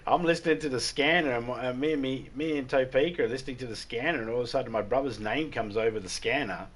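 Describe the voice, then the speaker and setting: A man's voice: mid-range voice, quick pace. Profane Australian man telling rambling stories. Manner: rambling, profane, laughs often, acts out drunks loudly. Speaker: live-stream host. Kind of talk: casual storytelling chat.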